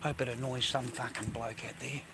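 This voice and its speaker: A man's voice: medium pitch, level tone, moderate pace, creaky, a bit bright, slight background noise. An older Australian man vlogging, rambling in a profane, ranting way and calling the viewer mate. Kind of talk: rambling casual monologue to camera.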